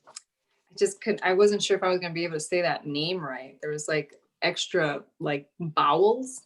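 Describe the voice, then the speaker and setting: A woman co-hosts a podcast in easygoing, casual chat. Her voice sits fairly low for a woman. She sounds laid-back and teasing. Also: normal speed. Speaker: podcast co-host.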